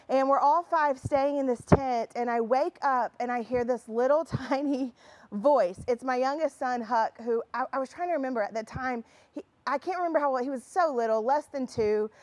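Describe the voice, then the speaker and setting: A woman's voice: high-pitched, dry recording. A woman in her thirties giving a conversational sermon, telling stories with plenty of fillers and restarts and some self-deprecating humor. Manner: chatty storytelling with many fillers and restarts. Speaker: pastor.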